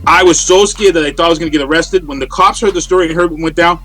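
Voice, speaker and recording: A man, a guest on an interview show, telling a story in a casual, animated way over a remote call. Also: on the high side, rapid-fire, faint music behind. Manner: animated, acts out quoted voices. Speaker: interview guest, radio personality. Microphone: remote call from home.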